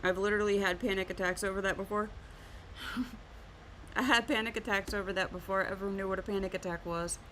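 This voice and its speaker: A woman's voice: mid-range voice, steady tone, brisk, fairly bright tone, slight background noise. Chatty woman who laughs at herself. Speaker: art stream host. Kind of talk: casual chat while drawing and teaching.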